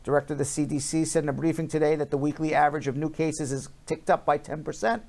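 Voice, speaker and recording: A man's voice: fairly high pitch, steady tone, fast talker, creaky, a little mellow. Male host, casual headline chat, playful delivery, leans on figures. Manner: chatty, jokey, drawls out numbers.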